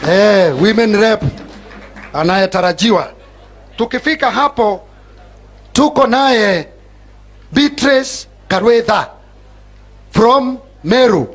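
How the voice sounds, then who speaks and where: A man's voice: high voice, animated, slow, pauses often. A Kenyan man acting as master of ceremonies at a rally, introducing speakers and calling the crowd to applaud. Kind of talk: rally announcements.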